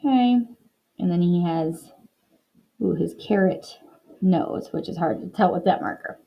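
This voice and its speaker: A woman's voice: lowish voice, dull audio. Upbeat woman teaching young children. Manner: upbeat and encouraging, slow and clear when modeling words. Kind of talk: remote reading lesson for young children.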